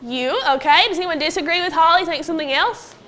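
A woman teaching a phonics lesson to young pupils in a classroom, patiently prompting them and sounding out words slowly. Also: very high voice, pushed and bright. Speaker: elementary school teacher.

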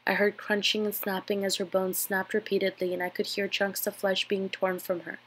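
A woman's voice: mid-range voice, little pitch movement, moderate pace, a bit bright, a little hiss or hum. A woman with a nasal, stuffed-up voice from a cold, reading a scary story aloud.

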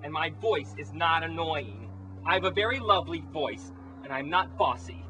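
A man's voice: a little high, animated, moderate pace, pushed and bright, a little hiss or hum, low-quality recording. A man playing a bossy, pushy female documentary filmmaker with a grating voice, in an amateur comedy spoof. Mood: indignant. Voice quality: grating, annoying voice. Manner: pushy and snappish, ordering others about.

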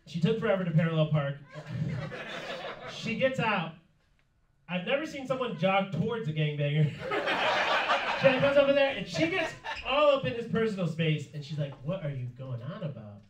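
A man's voice: high voice, very animated, normal speed, slight background noise. A man performing a stand-up comedy set in a club, telling a story and laughing through his lines. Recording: roomy club sound from far off, loud audience.

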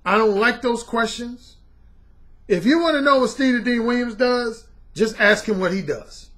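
A man's voice: very high-pitched, animated, moderate pace, a bit bright. A middle-aged man and dating coach talking bluntly and casually to his viewers, dropping "man" and slang as he goes. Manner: blunt, colloquial, repeats "man".

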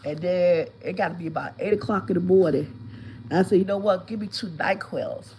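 A woman's voice: fairly low pitch, moderate pace, mellow, slight background noise, rough recording. A woman in her fifties with a head cold, sniffling and stuffed up, telling a long story while lying at home during a casual live stream and greeting viewers by name. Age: 50s.

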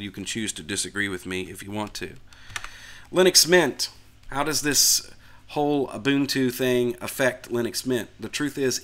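A middle-aged man hosting a Linux video channel, talking through a casual opinion rant with animated, frustrated asides and conversational fillers. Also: on the low side.

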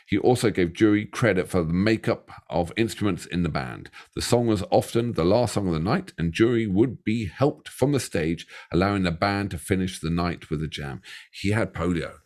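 A man's voice: deep voice, normal speed, a little mellow. A man co-hosting a music reaction video, chatting casually, rambling and joking with the odd swear word. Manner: jokey, rambling, swears freely. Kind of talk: casual chat.

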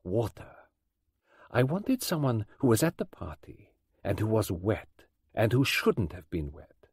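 A man voicing a fussy elderly male detective, speaking precisely, gently and in a measured way in an audiobook. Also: lowish voice, big pitch swings, husky, dry recording, studio quality, heavily acted. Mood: explaining. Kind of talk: audiobook character voice.

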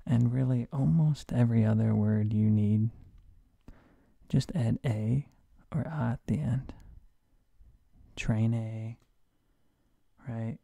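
A man in a whispered role-play as a Spanish teacher, soft and sleepy, slipping in deadpan jokes, hoarse from a sore throat. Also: mid-range voice, a little slow, dry recording, clean studio sound. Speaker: streamer playing a Spanish teacher.

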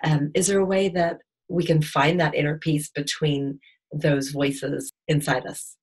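A woman hosting a podcast interview who asks gentle questions, hesitating with many ums and restarts. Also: sits low, fairly even intonation, unhurried, slightly rough. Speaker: podcast host. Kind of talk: casual interview chat.

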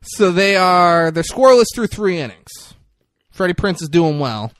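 A man's voice: high voice, lively intonation, fairly bright tone, dry recording. A man co-hosting a podcast, casually recapping a film scene by scene and slipping into short impressions of the characters. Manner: recaps scenes, acting out lines in quick impressions. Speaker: podcast co-host. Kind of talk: casual movie recap chat.

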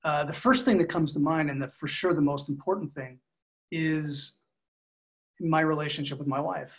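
A middle-aged man speaking as a marriage expert guest in a podcast interview, calm, measured and reflective in his delivery. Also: fairly high pitch.

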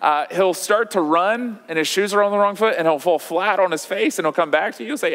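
A man's voice: high voice, a little fast, hardly any pauses, fairly bright tone. Man preaching in a reverberant hall. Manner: conversational, with many fillers and restarts. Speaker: pastor. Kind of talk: sermon. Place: church auditorium.

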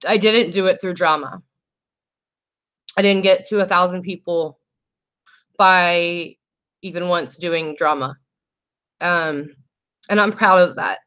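A woman's voice: lowish voice, slow, pauses often, fairly bright tone. Teary, grateful woman vlogger. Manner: emotional, grateful, tearful at times. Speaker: beauty vlogger reading live comments. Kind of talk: casual livestream chat.

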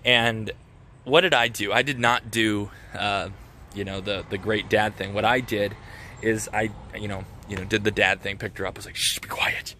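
A man's voice: on the low side, steady tone, moderate pace, bright, forceful tone, a little hiss or hum. A young man talking casually in a devotional vlog, earnest and self-reflective, with lots of fillers and restarts. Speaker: Christian vlogger.

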